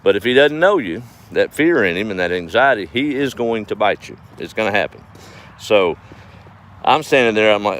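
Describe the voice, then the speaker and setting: A man's voice: lowish voice, lively intonation, normal speed, a bit bright, slight background noise. A man telling folksy farm stories on a casual livestream, chuckling as he rambles. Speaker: farm vlogger.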